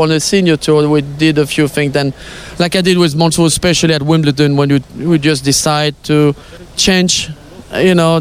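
An older man with a French accent, a former tennis pro, answering interview questions casually and playfully, with lots of fillers and hesitations. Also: a little high.

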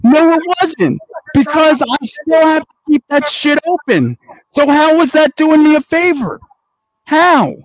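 A man's voice: very high voice, measured pace, no room sound, rough recording. A man who runs a podcast network, arguing angrily with a caller and lecturing him with constant swearing. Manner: angry, profane, lecturing. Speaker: network owner. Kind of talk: heated on-air argument.

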